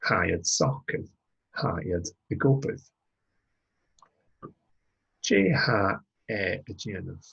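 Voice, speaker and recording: Slow, gravelly low-voiced man teaching. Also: a bit bright, lo-fi sound. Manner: slow, patient, repeats phrases for learners. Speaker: language tutor. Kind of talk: recorded language lesson.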